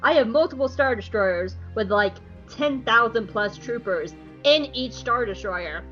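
A woman's voice: a little high, expressive, a little slow, fairly bright tone, muffled recording, faint music behind. A woman voicing a cold, calculating male alien admiral in a podcast recap, talking in a smug, lecturing way.

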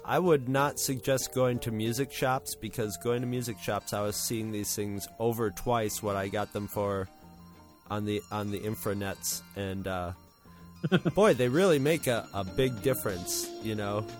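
A man's voice: on the low side, unhurried, faint music behind. A man co-hosting a casual podcast on a studio microphone, making wry jokes. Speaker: podcast co-host. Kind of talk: casual chat.

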